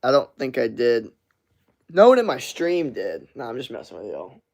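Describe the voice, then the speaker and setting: This young streamer is very animated, his gravelly, fry-touched voice sitting in a normal middle range at a moderate pace. He swears and riffs loosely on chat messages, staying in a casual live-chat mode the whole time.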